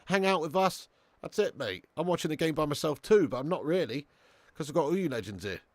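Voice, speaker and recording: Streamer host: high-voiced man, loud, sweary football watch-along commentary, dry close sound. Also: fairly quick, dry recording. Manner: excitable, swearing, chatty with viewers.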